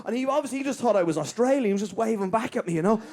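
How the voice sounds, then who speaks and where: This man is an Irish comedian doing live stand-up in a small venue, racing through an anecdote and tagging his lines with "right?". His voice sits high, with lively intonation and a slightly mellow quality.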